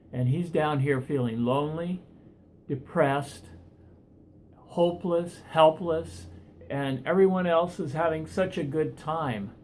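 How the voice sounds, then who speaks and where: A man's voice: on the high side, a little mellow, a little hiss or hum. A man, a pain management counselor, tells a story in an earnest, conversational way. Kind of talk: storytelling talk.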